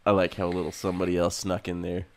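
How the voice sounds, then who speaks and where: Deep-voiced laid-back man. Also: completely flat delivery, very fast. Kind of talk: casual chat with friends.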